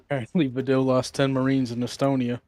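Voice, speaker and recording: A man chatting casually with friends over a game, teasing them with deadpan jokes. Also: mid-range voice, fast. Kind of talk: casual gaming chat with friends.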